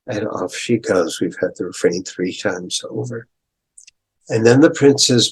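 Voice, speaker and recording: An older male professor retelling a story in a lecture, deliberate, clearing his throat and adding asides. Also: on the low side.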